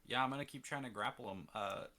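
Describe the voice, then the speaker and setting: A man's voice: medium pitch, fast talker, pushed and bright. A man playing a tabletop game, talking in a plain, matter-of-fact way. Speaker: player.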